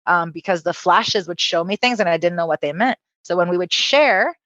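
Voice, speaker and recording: A woman who is a podcast guest and spiritual healer, telling a personal story with animated, profane energy and acting out quotes. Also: fairly low pitch, normal speed, no room sound, dull audio.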